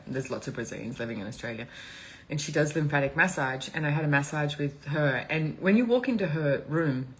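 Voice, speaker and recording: A woman's voice: deep voice, a little hiss or hum, rough recording. A woman hosting a live stream, talking in a rambling, candid and emotional way, teary and laughing often. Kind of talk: casual live-stream talk.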